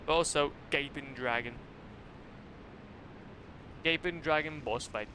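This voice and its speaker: A man streaming gameplay with casual commentary, excitable and rambling, laughing at his own remarks. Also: on the high side, slow. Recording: noisy stream audio.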